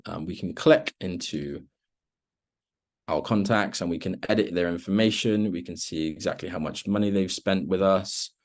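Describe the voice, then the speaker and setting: Walking through a software tool step by step on a screen share, a product trainer speaks in a low voice at a moderate pace. The online meeting demo is relaxed, and his explanations are full of ums.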